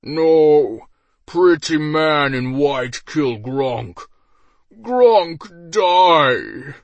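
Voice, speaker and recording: A man's voice: on the high side, expressive, drawn-out words, dry recording, lo-fi sound, voice pushed up, full character voice. A man voicing a hulking green male ogre who bellows in broken caveman grammar. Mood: brutish.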